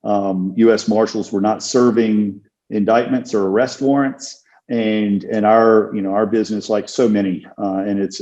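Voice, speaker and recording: Low, mellow-voiced man in an interview. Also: fairly even intonation. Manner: measured, thoughtful, with many fillers. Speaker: guest, criminal defense attorney. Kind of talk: casual interview talk. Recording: dull lo-fi sound.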